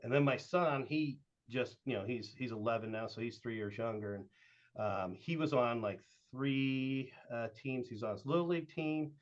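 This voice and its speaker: A man's voice: medium pitch, moderate pace. A middle-aged man from Southern Oregon tells a long story as a guest on a podcast. He is a youth baseball coach. His speech wanders, full of "uh" and "like" and acted-out snippets of dialogue, and the recording sounds slightly dull and lo-fi. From Southern Oregon, USA. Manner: rambling, with frequent "uh" and "like", acting out quoted dialogue.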